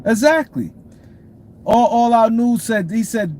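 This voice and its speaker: A man's voice: very high-pitched, animated, takes it slowly, darkish tone, a little hiss or hum. A man hosting a casual sports talk stream, repeating points and greeting viewers by name. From New York City. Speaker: show host. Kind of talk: casual sports commentary livestream.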